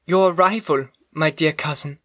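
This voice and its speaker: A man's voice: fairly high pitch, moderate pace, fairly bright tone, natural voice. A man voicing an earnest, grieving young woman in an audiobook reading, her lines pleading and emotional.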